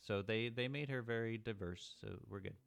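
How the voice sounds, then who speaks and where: A man co-hosting a comedic podcast, reading listener comments aloud in a sardonic, deadpan way. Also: on the low side, moderate pace, vocal fry, smooth. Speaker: podcast co-host.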